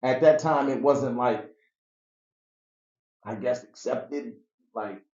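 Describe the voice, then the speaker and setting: A man telling his life story in a casual interview, animated and acting out the people in it. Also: mid-range voice, slow pace. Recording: echoey, dull room recording.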